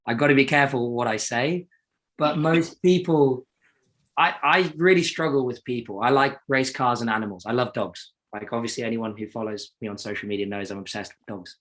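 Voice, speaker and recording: A man's voice: medium pitch, a bit bright. A young adult man from South Africa, a racing driver talking casually as an interview guest, rambling and self-deprecating with many restarts.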